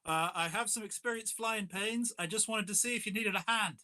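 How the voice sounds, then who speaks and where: A man's voice: sits high, brisk, sharp tone, pitched above the performer's own voice. A man playing a smarmy fake action-star character who slips into a Scottish-tinged accent. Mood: ingratiating.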